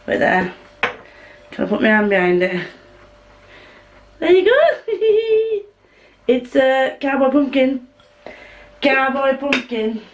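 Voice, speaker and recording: A woman's voice: mid-range voice, creaky, slight background noise, poor audio. A woman from the north of England with a Yorkshire accent, chatting casually to camera at home in a rambling, self-deprecating way. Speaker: vlogger. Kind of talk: casual chat.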